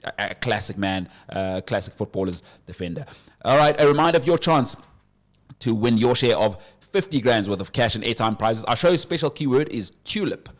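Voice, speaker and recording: A lively man hosting sports talk radio. His pitch sits in a middle register, and he jumps between topics with quick asides and playful banter.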